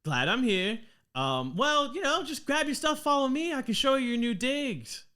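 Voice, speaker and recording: A man voicing a short, cheerful dwarf woman who swears, talking high and loud with an Australian accent. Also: big pitch swings, moderate pace, smooth. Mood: breezy.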